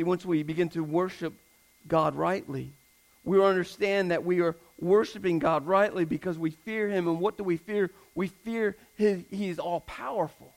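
A man's voice: sits high, gravelly, poor audio. A man in his thirties preaching a sermon, earnest and fond of repeating phrases for emphasis. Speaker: pastor.

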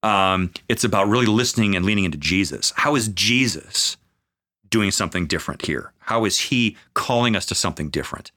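A man speaking as a pastor in a conversational podcast, earnest, with many fillers, slowing into a preaching cadence at times. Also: fairly low pitch, lively intonation, sharp tone. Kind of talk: conversational podcast talk on faith.

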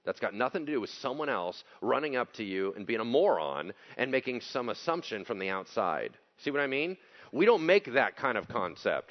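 Man, pastor, sermon, casual and blunt, very lively pitch, dull lo-fi recording. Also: moderate pace. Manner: casual, blunt, acts out quotes in voices.

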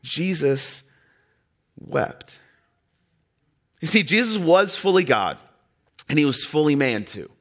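A man preaching a sermon in an earnest way, with dramatic pauses and soft drops in his voice. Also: a little high, very animated.

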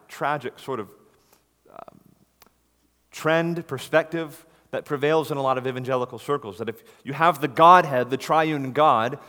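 A man's voice: medium pitch, a bit bright. Male preacher, mid-range voice, earnest and emphatic, sermon recorded in a big reverberant church hall. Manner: earnest, emphatic, rises to stress key words. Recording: long reverb of a large hall.

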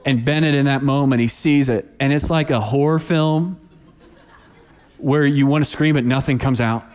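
Here a male pastor in his thirties delivers a sermon full of stories, acting out each figure and animating the voices of those he quotes. His mid-range voice moves at a moderate pace, and the recording has a big-room sound.

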